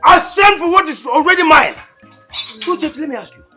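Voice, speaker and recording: An actor with a Nigerian accent playing a menacing man who shouts threats at his late brother's widow. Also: very high-pitched, animated, fairly quick, faint music behind, heavily acted.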